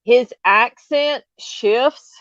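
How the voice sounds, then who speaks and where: This American woman, in her fifties and carrying a faint Southern accent, chats on a livestream with a fairly bright, high-leaning voice and drawn-out words. Her manner is emphatic and opinionated, with points repeated for emphasis, captured in slightly dull lo-fi sound without echo.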